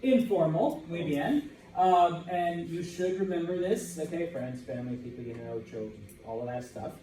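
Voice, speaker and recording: A man's voice: a little high, moderate pace, warm tone, slight background noise. An American man teaching a Spanish class, speaking informally with jokes and asking the students "okay?" again and again. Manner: informal, joking, checks understanding with constant "okay?". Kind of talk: classroom lecture with student call-and-response. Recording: echoey classroom, voice from a distance.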